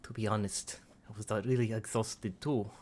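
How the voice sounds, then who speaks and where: Guy doing a soft lisping teen boy, reading slow n stumbly. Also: fairly low pitch, fairly even intonation, slight background noise, close to an everyday voice. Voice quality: lisp. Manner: halting reading with restarts and stifled laughs. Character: gentle teenage boy narrator with a lisp.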